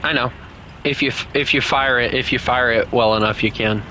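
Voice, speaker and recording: A man's voice: mid-range voice, fairly even intonation, brisk, pushed and bright, slight background noise, poor audio. A man, chatting casually with teammates and chat while streaming a game, laughing often. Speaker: gaming streamer. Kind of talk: casual live gameplay chat.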